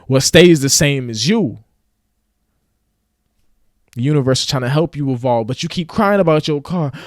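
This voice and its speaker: A man's voice: medium pitch, expressive, moderate pace, no echo, clean studio sound. A man giving a casual motivational rant to camera, slangy and preachy, now and then acting out mocking voices. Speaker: motivational vlogger.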